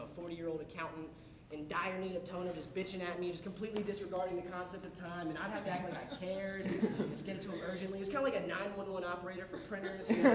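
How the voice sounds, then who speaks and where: Young dude doing standup, rambly, high voice, crowd cracking up in an echoey club. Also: male voice, far from the mic. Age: young adult. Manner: rambling storytelling with restarts and asides. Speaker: stand-up comedian. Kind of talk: stand-up comedy set. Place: comedy club stage. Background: audience laughter.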